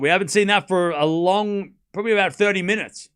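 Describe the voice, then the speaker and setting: Australian male streamer, young, high lively voice, casual play-by-play with chat banter. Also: fairly quick, smooth. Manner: chatty, reads chat aloud, laughs often. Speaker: streamer and tennis commentator. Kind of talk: casual live watchalong commentary.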